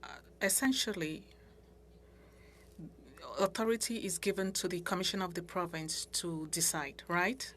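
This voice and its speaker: A woman with a slightly low voice interprets a committee meeting, her delivery measured and full of small restarts. A faint noise floor sits under her words. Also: steady tone, fairly bright tone. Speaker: interpreter voicing committee members. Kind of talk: simultaneous interpretation. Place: committee room.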